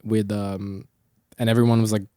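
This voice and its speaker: A man's voice: fairly low pitch, level tone, normal speed, mellow, smooth, no room sound, clean studio sound. A young man hosting a podcast, telling long rambling stories in casual chat, full of swearing and filler words. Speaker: podcast host.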